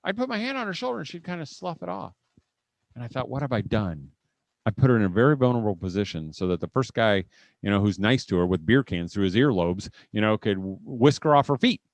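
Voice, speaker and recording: A middle-aged man speaking at a homeschool conference before a live audience. He tells stories with humor and quick asides, often restarting his sentences, and ends by leading a prayer. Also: fairly low pitch, big pitch swings, no echo. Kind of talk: live seminar talk with humor, closing in prayer.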